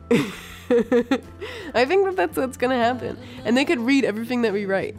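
A woman's voice: on the high side, animated, measured pace, a little mellow, soft background music. A woman in casual podcast chat, giggly and rambling with lots of fillers.

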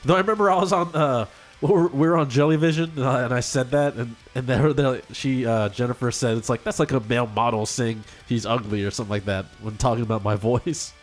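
A male podcast host talks fast in a mid-range, steady voice that sounds nasal and stuffed up from a cold. His casual chat rambles and is self-deprecating, with faint music behind him.

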